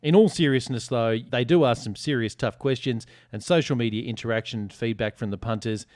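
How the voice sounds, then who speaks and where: A man's voice: medium pitch, brisk, a little mellow, no echo, studio quality. An Australian man hosting a sports podcast, reading listener reviews aloud and teasing his co-hosts in casual banter. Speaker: podcast host.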